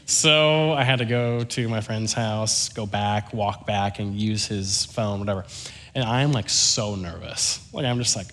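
A young man giving a sermon, telling a story with lively, animated delivery and often checking in with the audience. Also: lowish voice, measured pace.

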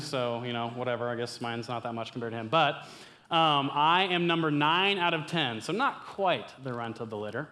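A young man with a mid-range voice speaks to a campus ministry group in a casual, conversational sermon. At times he's loud and excited; at others, hushed and earnest.

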